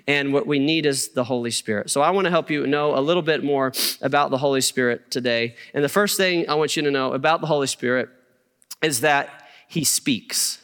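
A middle-aged male pastor preaches in an animated, storytelling way, his high, bright voice clear and smooth. His words ring out with a long reverb that fills the church hall. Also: brisk. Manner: animated storytelling with humor and asides to the congregation. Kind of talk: sermon. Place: church sanctuary.

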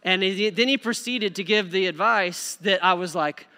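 A man preaching a sermon to a congregation, conversational and joking, with an animated delivery. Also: sits high, moderate pace. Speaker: youth pastor preaching. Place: church sanctuary. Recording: reverberant church hall.

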